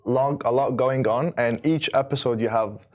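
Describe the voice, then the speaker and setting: A man's voice: mid-range voice, fairly even intonation, moderate pace, darkish tone, muffled recording. A man co-hosting a casual studio chat, a bit nervous, with hesitant speech and frequent stammers and restarts. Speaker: co-host.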